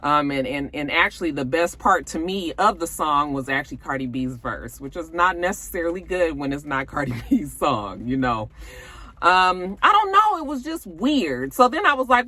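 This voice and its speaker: A woman's voice: deep voice, expressive, normal speed, pushed and bright. A woman hosting a gossip show from home, chatting casually and rambling to her viewers with lots of fillers. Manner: chatty, rambling, many fillers, addresses viewers as you guys.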